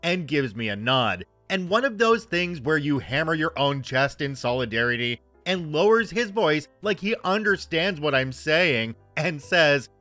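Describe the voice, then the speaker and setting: A man's voice: on the high side, lively intonation, unhurried, few pauses, bright, forceful tone, no room sound, faint music behind. A man in his thirties reading online stories aloud and commenting with wry, joking asides. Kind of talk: casual story narration and commentary.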